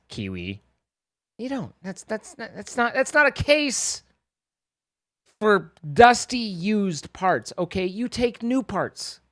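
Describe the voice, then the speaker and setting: Live streamer, casual playful banter with chat; animated delivery, dry sound. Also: medium pitch, no echo. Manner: rambling, animated.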